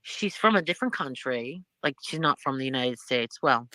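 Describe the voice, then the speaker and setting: A woman's voice: a bass voice, animated, moderate pace, pushed and bright, no echo. A middle-aged woman hosting a live stream in casual chat, rambling from one thing to the next and laughing often.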